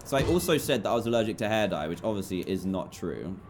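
A man's voice: on the low side, expressive, quick pace, a little hiss or hum. A young British man chatting while streaming a game live, reading out donors' names and apologising often.

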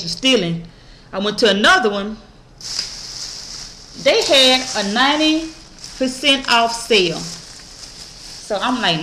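A woman's voice: fairly high pitch, noisy background. A woman, chatting casually to camera about her shopping haul, blunt and profane, telling stories animatedly. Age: adult mother. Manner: animated storytelling, acts out others' voices. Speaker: vlogger showing a shopping haul.

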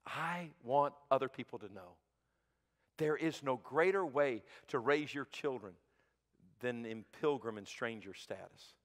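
A man preaching a sermon as pastor, swinging from shouted peaks to hushed low asides. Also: lively intonation, unhurried. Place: church sanctuary. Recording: sanctuary with long reverb.

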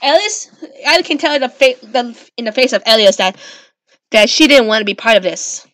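A woman's voice: a little high, lively intonation, normal speed, fairly bright tone, no echo. A woman giving chatty, reactive commentary while playing through a story game. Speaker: gaming channel host. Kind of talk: let's-play commentary.

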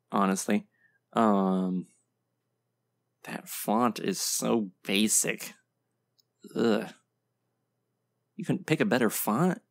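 Male reaction host, mid-pitched with a gravelly edge, blunt and opinionated, casual. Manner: blunt, opinionated, lots of ums and laughs. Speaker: video game reaction host.

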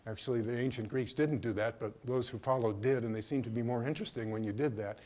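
An older man giving a slide lecture on his own work, speaking in a hesitant way with many pauses and restarts. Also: medium pitch, fairly even intonation, a little mellow. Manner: hesitant, full of ums and restarts. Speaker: artist giving a museum talk.

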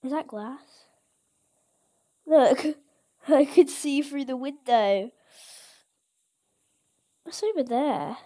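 A woman host giving casual gameplay commentary, excitable and exclaiming at each surprise. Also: high voice, very slow, pauses often. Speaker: gaming channel host.

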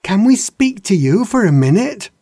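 A man voicing a gang of giddy, excited young dragons in a storybook reading. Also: on the high side, takes it slowly, slightly rough, dry recording, studio quality, pitched above the performer's own voice, exaggerated voice. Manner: excited, shouting.

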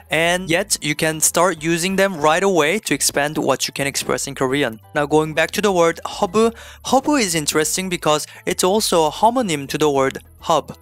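A man teaching an online language lesson, explaining clearly and slipping in small jokes. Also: on the high side, a bit bright. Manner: playful, slips in small jokes.

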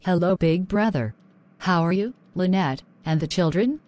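A woman voicing a young married wife in an animated drama, pleading and worn down. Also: on the low side, normal speed, close to an everyday voice. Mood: humble.

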